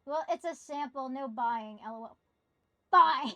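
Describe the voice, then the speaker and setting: A woman with a high, light voice streams a game and chats with her viewers. She talks in an unhurried, playful way, muttering to herself and teasing the game. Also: sharp tone. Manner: playful, talks to herself and reads chat aloud. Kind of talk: casual gameplay live stream chat.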